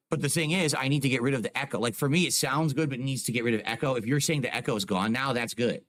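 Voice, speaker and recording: A man streams from home, talking casually to his live chat and explaining things with plenty of "like" and "you know." He speaks fast in a mid-range, fairly bright voice, close on a desk microphone mounted on a boom arm.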